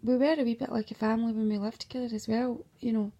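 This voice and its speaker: A woman's voice: a little high, fairly even intonation, fast, dull audio. A woman telling her own story in a rambling monologue, swearing freely and tagging her sentences with "right?" in a drifting, darkly humorous way. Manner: drifting, dark humour, breaks into laughter.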